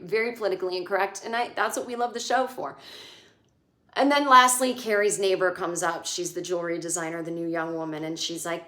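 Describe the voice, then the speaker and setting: A woman comedian in her forties giving a casual, sarcastic TV recap, swearing and acting out quotes in shrill voices. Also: a bit bright. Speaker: comedian podcast host. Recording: echoey room.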